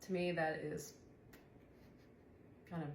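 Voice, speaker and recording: A woman's voice: low-pitched, level tone, slow pace, vocal fry, darkish tone. A young woman giving a chatty tarot reading who swears and laughs often. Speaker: tarot reader. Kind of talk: casual tarot reading monologue. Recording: echoey room, faint background noise.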